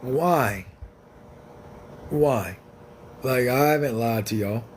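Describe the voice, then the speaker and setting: A man's voice: medium pitch, extremely slow, a little hiss or hum. A man hosting a casual livestream, talking to viewers in a blunt, rambling, joking way. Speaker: livestream host.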